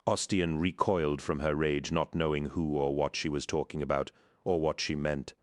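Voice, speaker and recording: Deep male narrator, measured scripted storytelling. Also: level tone. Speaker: audiobook narrator.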